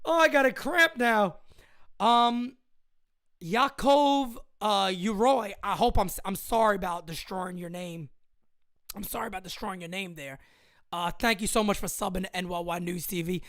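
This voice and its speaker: Hosting a fan livestream of a live game, an excitable young man talks loudly and rapidly in a bright, forceful, high-pitched voice. He swears freely and laughs a lot.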